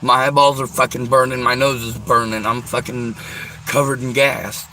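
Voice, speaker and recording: A man with a bright, forward voice telling a personal story straight to the camera. He rambles, circles back and repeats himself, and swears freely as he goes. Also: mid-range voice, a little hiss or hum, poor audio. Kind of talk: casual spoken storytelling to camera.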